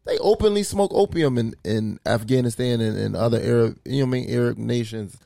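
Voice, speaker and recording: A man's voice: medium pitch, brisk, gravelly, warm tone, dry recording, clean studio sound. A man co-hosting a casual podcast chat, explaining things at length and wandering off topic. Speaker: podcast co-host.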